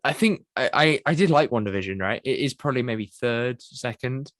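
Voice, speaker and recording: Host, man, measured and hesitant, dry close mic. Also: medium pitch, expressive, fairly bright tone, no room sound. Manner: hesitant, measured, lots of restarts. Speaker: podcast host. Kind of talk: casual chat.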